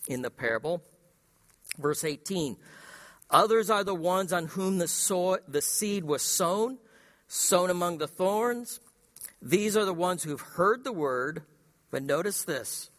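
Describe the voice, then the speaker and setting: A man's voice: on the high side, a bit bright. A man preaching a sermon as pastor, emphatic and repetitive, in a church sanctuary. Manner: emphatic preaching with repetition and slow dramatic pauses. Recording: long hall reverb.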